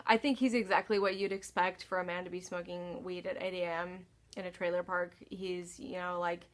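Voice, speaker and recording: A woman's voice: lowish voice, level tone, normal speed. Exasperated woman telling a story. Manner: exasperated, sighing, swears freely. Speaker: storytime vlogger. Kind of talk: casual storytelling.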